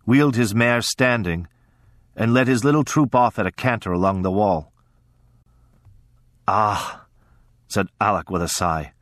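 A man reading a first-person story aloud in a measured, steady way, as an audiobook narrator. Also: fairly low pitch, dry recording, clean studio sound.

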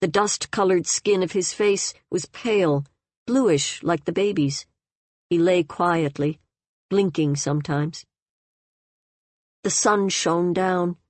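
Audiobook narrator, woman, deep and unhurried, measured delivery. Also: no echo. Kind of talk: scripted narration.

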